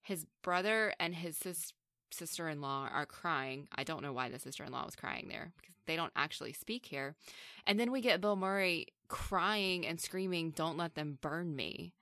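A woman's voice: low-pitched, normal speed, bright, forceful tone, dry recording, studio quality. A woman co-hosting a film discussion, talking casually and analytically, sometimes acting out characters' lines. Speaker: film review podcast co-host.

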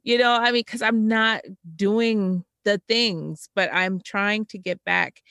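A woman co-hosting a casual chat, chatty and animated, her voice jumping up when she stresses a point. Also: slow, creaky, smooth, no echo. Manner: animated, chatty, jumps in pitch when emphatic.

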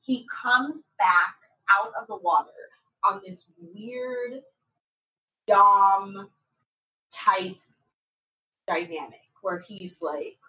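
A woman co-hosting a casual podcast, telling a story with lively acted-out quotes and plenty of swearing. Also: mid-range voice, extremely slow, long pauses, distant mic, low-quality recording. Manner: animated storytelling, acts out quotes, swears freely. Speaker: podcast co-host. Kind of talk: casual recap chat.

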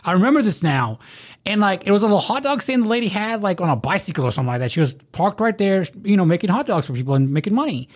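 A man telling wild nightlife stories to a friend in casual chat. He swears freely and acts out every line of dialogue. His pitch jumps around a great deal as he talks. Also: quick pace. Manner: rowdy, profane, animated storytelling with acted-out quotes. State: drunk.

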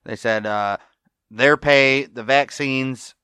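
A man co-hosting a podcast, casually and profanely retelling a TV episode with animated quoted lines. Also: medium pitch, takes it slowly, clear, resonant tone, no echo, studio quality. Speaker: podcast co-host. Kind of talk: casual recap chat.

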